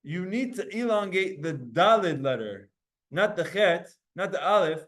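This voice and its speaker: A man teaching a Talmud class to students, animated and explaining with spoken demonstrations of sounds. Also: high voice, unhurried. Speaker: Torah teacher.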